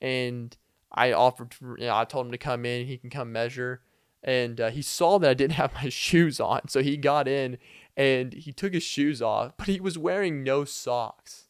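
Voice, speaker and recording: Young guy rambling thru a podcast story, smooth clear voice, dead dry sound. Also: medium pitch, normal speed, no echo. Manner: rambling, lots of fillers and laughs. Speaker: podcast host. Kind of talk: casual comedic storytelling.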